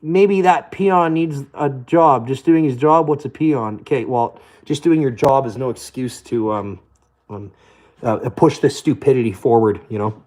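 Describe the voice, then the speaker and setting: A man's voice: mid-range voice, unhurried, a little mellow, low-quality recording. A man delivering a blunt, profane, scornful rant to camera as a vlogger. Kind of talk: profane ranting monologue.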